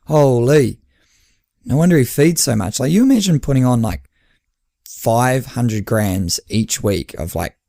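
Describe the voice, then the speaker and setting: A man's voice: mid-range voice, expressive, measured pace, vocal fry, mellow, dry recording, studio quality. A man, co-hosting a podcast and chatting casually as an endurance coach, often laughing and acting out his own dialogue. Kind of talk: casual chat.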